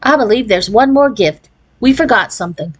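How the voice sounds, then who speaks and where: A woman reading a storybook aloud, voicing a cheerful, absent-minded father without deepening her voice. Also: lively intonation, normal speed, slightly rough, dry recording. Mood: surprised.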